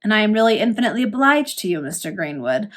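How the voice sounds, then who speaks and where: A woman's voice: mid-range voice, big pitch swings, fast talker, natural voice. A woman voicing a cold, dry-spoken Victorian merchant who answers in clipped, curt phrases.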